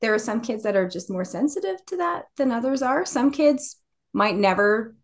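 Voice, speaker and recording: A woman in her forties, a podcast guest who tells family anecdotes in a casual, animated way and laughs often. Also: fairly high pitch, normal speed, gravelly. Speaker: guest, author and mother. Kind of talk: casual storytelling in a podcast interview.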